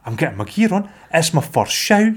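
A man's voice: on the high side, sing-song, fairly quick, slightly rough, voice pushed up. A Scottish man voicing his small daughter, eager and insistent about going out on a lifeboat callout. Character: excited little girl rushing to a lifeboat callout.

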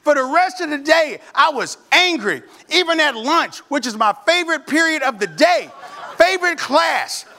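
A male pastor telling a playful, animated story to his congregation in church, talking to the people directly. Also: extremely high pitch, normal speed. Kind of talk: storytelling sermon.

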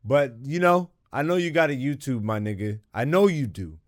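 A man hosts his podcast solo from a studio, talking straight into the microphone in a goofy, swearing, off-the-cuff way. His voice sits at an ordinary middle pitch. The sound is close and dry, with almost no room around it. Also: animated, moderate pace, no room sound. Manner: goofy, profane, riffing and joking. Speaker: podcast host. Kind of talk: casual comedic solo monologue.

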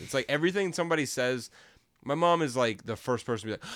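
A man's voice: mid-range voice, a little fast, clear, resonant tone, no echo, studio quality. A young man co-hosting a podcast, telling a personal story in casual chat with lots of swearing. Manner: animated storytelling with heavy swearing. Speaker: podcast co-host.

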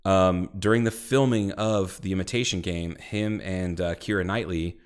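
A man's voice: low-pitched, fairly even intonation, moderate pace, smooth. A man co-hosting a casual podcast, telling rambling, profane stories and slipping into quoted voices. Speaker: podcast co-host. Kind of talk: casual chat.

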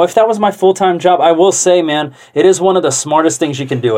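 A man's voice: medium pitch, darkish tone. Chatty rambling man. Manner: chatty, self-talking, swears casually. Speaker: vlogger. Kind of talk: casual rambling monologue.

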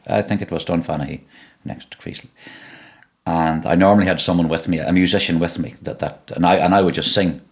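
A middle-aged Irish man with a Donegal accent, telling stories in an interview in a relaxed way, often repeating and restarting words. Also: deep voice, brisk. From Ireland (Donegal). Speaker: musician guest. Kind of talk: conversational interview.

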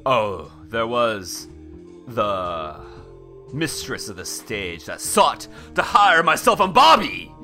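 A grandiose stage magician who booms his lines like a showman, as a man puts him on. His pitch swoops widely, and his tone is bright and forceful. He delivers spooky pronouncements in a theatrical manner. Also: sing-song, takes it slowly, faint music behind, full character voice. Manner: booming, showy proclamations.

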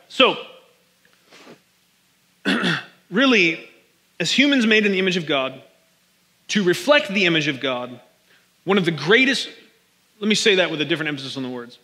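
A man's voice: fairly high pitch, pushed and bright. A man pastor giving a casual, joking sermon, talking straight to his congregation from a stage microphone. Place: large church hall. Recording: long reverb of a large hall.

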